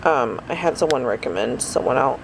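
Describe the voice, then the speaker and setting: A woman's voice: very deep voice, animated, brisk, gravelly, slight background noise, low-quality recording. A tired middle-aged woman rambling through a casual daily vlog, full of fillers and asides. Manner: rambling, chatty, lots of fillers. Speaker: vlogger.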